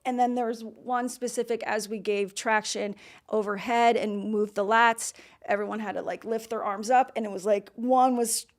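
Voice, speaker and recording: A woman with a bright, higher voice talks as a guest about her stretch work. She is animated and sometimes hesitant, and she keeps jumping into little voices for her clients. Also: moderate pace. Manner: animated, acts out clients, many fillers. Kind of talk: casual interview chat.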